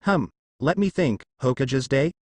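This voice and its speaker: A fierce but gentle young ninja woman guards those she loves, as a man reads her lines. Her voice rises and falls in a lively way when she teases. The sound is dry and close, with no room echo. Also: mid-range voice, brisk. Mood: playful teasing. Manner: protective, teasing. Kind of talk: fanfiction audiobook reading.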